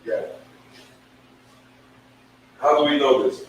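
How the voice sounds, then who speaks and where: A man leads a scripture lesson, pressing each point and slowly sounding out syllables. His bright, forceful voice comes from some distance off the mic. The room around him is very echoey. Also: medium pitch. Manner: emphatic, repeats and stretches out syllables. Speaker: religious teacher. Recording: very echoey room, from far off, faint noise.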